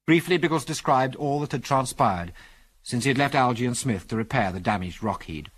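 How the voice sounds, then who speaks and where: A man reading an adventure story aloud as narrator, in an expressive storytelling manner. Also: mid-range voice, fairly quick. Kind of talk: audiobook reading.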